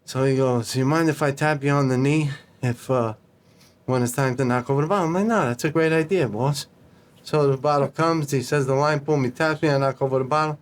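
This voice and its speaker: This man is a podcast guest spinning an anecdote in casual talk. He swears freely and slips into the voices of the people he quotes. His pitch sits in an ordinary middle range. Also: a little fast. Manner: animated, profane, acts out dialogue. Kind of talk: casual storytelling.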